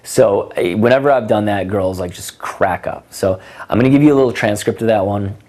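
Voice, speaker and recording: A man's voice: fairly low pitch, fairly quick, darkish tone. A young man giving casual dating advice in a teaching monologue, full of ums and acted example lines. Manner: casual, filler-heavy, acts out both sides of conversations. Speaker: dating coach.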